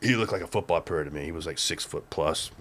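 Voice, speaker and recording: An older man from Southern California, a guest telling an excited, profane story, acting out the shouts of the people in it. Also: low voice, fast, slight background noise. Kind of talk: animated storytelling on a podcast.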